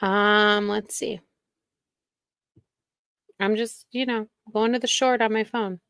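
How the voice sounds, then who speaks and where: Woman host, slow gravelly delivery, sarcastic and laughing, dry close sound. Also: mid-range voice, steady tone, a bit bright, no echo. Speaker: reaction streamer host. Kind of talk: mocking reaction commentary.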